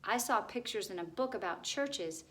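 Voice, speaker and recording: A woman's voice: medium pitch, animated, moderate pace, a bit bright, lightly acted. A woman voicing a determined young girl speaking earnestly. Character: brave young girl Dakin climbing.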